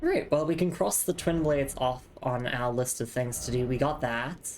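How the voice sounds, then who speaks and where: Woman streamer, very deep voice, relaxed chatty commentary over soft game music. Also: moderate pace. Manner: chatty, reads item text aloud. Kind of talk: casual gameplay commentary.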